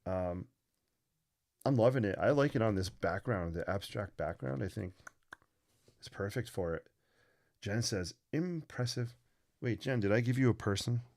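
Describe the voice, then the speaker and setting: A man's voice: fairly low pitch, expressive, normal speed, pauses often, darkish tone. A man hosting a live drawing stream, chatting casually and playfully with viewers and making puns as he sketches.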